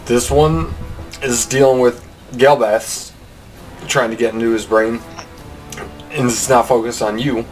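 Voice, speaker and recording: A man's voice: mid-range voice, measured pace, pauses often, soft background music, low-quality recording. Laid-back male game master. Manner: relaxed, laughs often while describing action. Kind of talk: narrating a tabletop game.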